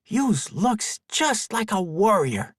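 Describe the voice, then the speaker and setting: Small boy, blunt and earnest, childish grammar, high-pitched; male narrator voicing. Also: very animated, slow pace, no room sound, clean studio sound, heavily acted.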